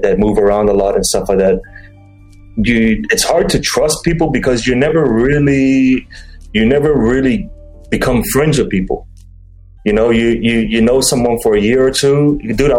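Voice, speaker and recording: A man's voice: mid-range voice, darkish tone, low-quality recording. A man talking casually in a podcast chat, rambling with many restarts, fillers and slang. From mixed English and Chinese, raised abroad.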